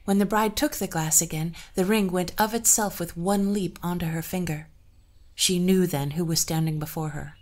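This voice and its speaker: A woman narrating an old folktale and adding her own commentary, in a measured, even way. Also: on the low side. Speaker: storyteller and podcast host.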